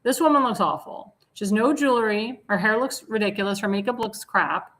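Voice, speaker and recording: A woman hosting a commentary show offers opinionated commentary on slides in a bright, forceful voice at an ordinary pitch, speaking briskly. She's blunt and indignantly scornful, rambling and sometimes trailing off while she searches for a word.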